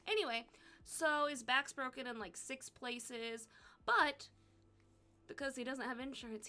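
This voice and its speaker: Blunt, gravelly young woman storyteller. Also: high voice, moderate pace. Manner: blunt, profane, animated retelling with quoted dialogue. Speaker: vlogger telling a personal story. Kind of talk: casual storytelling.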